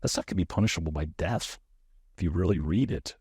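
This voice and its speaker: Husky low-voiced man telling war stories. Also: brisk, no room sound. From United States. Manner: animated storyteller, acts out quoted dialogue. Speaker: guest, former soldier. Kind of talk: casual storytelling in an interview.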